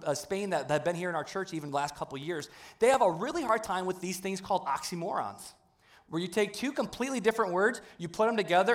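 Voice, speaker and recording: A man preaching a humorous sermon in a church, joking with the congregation in a playful, animated way. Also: high-pitched. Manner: playful, jokey, animated delivery. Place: church sanctuary.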